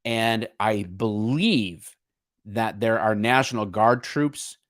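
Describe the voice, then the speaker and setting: On a casual political podcast, this co-host speaks slowly in a lowish voice, captured cleanly in the studio with no room sound. Earnest and relaxed, he talks an issue through, often starting sentences over as he hunts for the right words.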